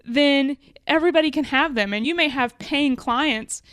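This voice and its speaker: On her podcast, a co-host from Alabama, USA, goes over business lessons casually, reasoning out loud and adjusting her phrasing as she goes. Her voice sits high and fairly bright, at a moderate pace, with no echo.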